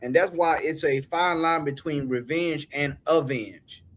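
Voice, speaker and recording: A man's voice: fairly high pitch, unhurried. A man hosting a casual panel discussion, preachy in tone, citing scripture and often asking if you follow. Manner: preachy, quotes scripture, keeps asking "you know what I'm saying".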